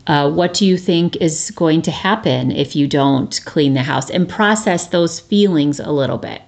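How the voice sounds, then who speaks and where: A woman's voice: low-pitched, a little slow, vocal fry, a little mellow. A woman in her thirties hosting a reflective solo talk, earnest and conversational, often restarting and tossing in a rhetorical "right?". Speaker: podcast host.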